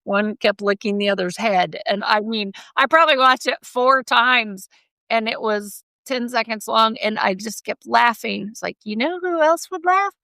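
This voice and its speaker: A woman's voice: a little high, fairly even intonation, normal speed, gravelly, pushed and bright, dry recording. A woman co-hosting a podcast in casual chat, talking emphatically and laughing often. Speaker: podcast co-host.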